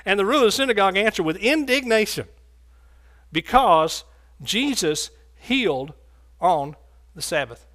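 A man's voice: high-pitched, animated, normal speed, fairly bright tone. Folksy preacher man. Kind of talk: sermon.

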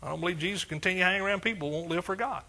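A male pastor delivers a sermon in a conversational way, often asking his congregation questions. His voice sits a little high and sounds bright and forward. It has a husky, gravelly grain. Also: very fast.

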